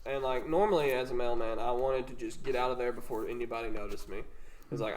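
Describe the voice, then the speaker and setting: A young man spins loose, wandering stories in an easygoing podcast chat, piling up filler words as he goes. His voice sits at an ordinary middle pitch, with a faint hiss of noise under it. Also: fairly even intonation, fast talker. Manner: rambling anecdotes full of filler words. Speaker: podcast co-host. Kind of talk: casual storytelling chat.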